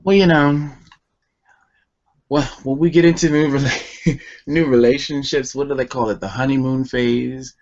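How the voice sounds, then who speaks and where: Slow, deliberate male poet on muffled audio. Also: medium pitch, fairly even intonation, a little mellow. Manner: slow, deliberate, emotional delivery. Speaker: poet and author guest. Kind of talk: slow poetry reading and chat.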